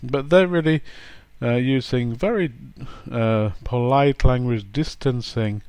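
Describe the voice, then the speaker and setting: A man's voice: medium pitch, takes it slowly, a little mellow, clear, resonant tone, no room sound. A man giving a chatty, playful grammar lesson, acting out example sentences. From England. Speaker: English teacher.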